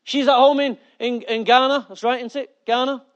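A male pastor, preaching a sermon with lively rhetorical questions and jokey asides to his church. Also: very high voice, moderate pace, highs cut off.

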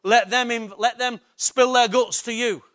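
Male preacher, high voice, emphatic sermon delivery, repeats lines, quizzes the congregation. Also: steady tone, a little slow, fairly bright tone. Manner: emphatic, repetitive, asks the congregation questions. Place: church.

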